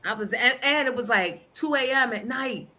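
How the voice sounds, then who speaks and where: A woman hosting a live morning stream, chatting casually and giving playful shoutouts to her viewers. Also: fairly high pitch, moderate pace. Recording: music playing clearly behind.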